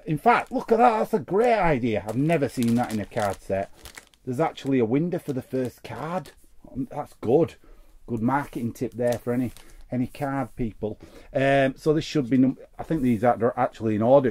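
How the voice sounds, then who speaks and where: Host, gravelly voice, chatty and joking while opening packs. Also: male voice, medium pitch, expressive, moderate pace, dark tone. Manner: jokey asides, reads cards aloud. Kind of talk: casual pack-opening commentary.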